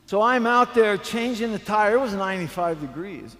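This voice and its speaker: A man preaching a sermon, telling a story slowly and building to fervent emphasis. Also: sits high, fairly bright tone, in a large hall. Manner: storytelling, slow and emphatic, rising to fervent peaks. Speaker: pastor.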